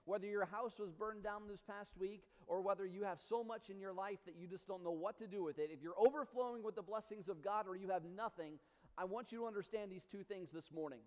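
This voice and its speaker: A man with a high voice preaches a sermon in a church, rising to loud, slowed emphasis and falling to soft, quiet asides. His voice rings with a long reverb from the sanctuary. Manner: impassioned preaching with sudden soft drops and slow emphatic lines. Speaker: pastor.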